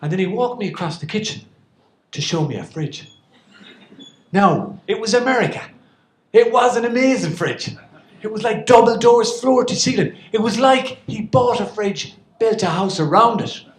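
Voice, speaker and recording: A middle-aged Irish man telling a comic story to a live audience, animated and self-mocking. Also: high-pitched, normal speed. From Ireland. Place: event hall with a live audience. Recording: roomy live hall.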